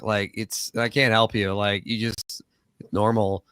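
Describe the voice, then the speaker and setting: A man's voice: lowish voice, moderate pace, no echo, clean studio sound. Joking man hosting a live stream, voice prone to cracks. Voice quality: voice cracks often. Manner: animated, joking, quotes others in put-on voices. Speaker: live stream host reading chat. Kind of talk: casual live stream chat.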